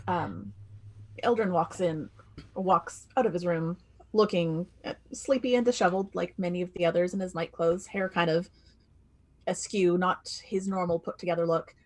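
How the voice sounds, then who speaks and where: Relaxed man describing his character. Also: sits high, normal speed. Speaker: player. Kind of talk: tabletop game play.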